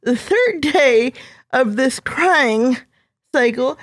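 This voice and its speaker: A woman's voice: high voice, animated, drawn-out words, no echo. A young woman, a podcast guest, telling a personal story with earnest emotion. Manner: earnest, emotional, acts out her younger self.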